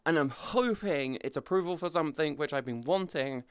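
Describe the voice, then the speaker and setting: A man's voice: a little high, lively intonation, normal speed, clear, resonant tone, no echo. A British man chatting casually on a live stream, rambling and swearing as he goes, with lots of restarts, close to the mic. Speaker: VTuber streamer.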